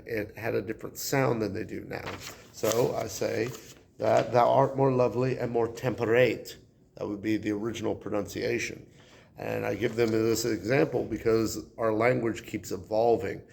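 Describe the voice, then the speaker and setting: Male English teacher, deep fry in the voice, relaxed classroom explainer. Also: a little hiss or hum. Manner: relaxed, conversational, with fillers. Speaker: high school English teacher.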